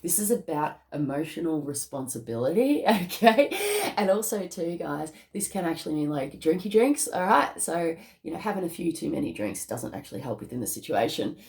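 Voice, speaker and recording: Brief: Australian woman tarot reader, chatty, giggly, slightly low pitch. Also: lively intonation, fairly quick, gravelly, hardly any pauses, darkish tone. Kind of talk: casual spiritual reading.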